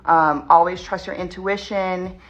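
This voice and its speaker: A woman in a storytime vlog, shaken and tense, rushing through her retelling with lots of "like". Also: fairly low pitch, fairly even intonation, muffled recording. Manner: tense, rushed retelling full of "like". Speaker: vlogger.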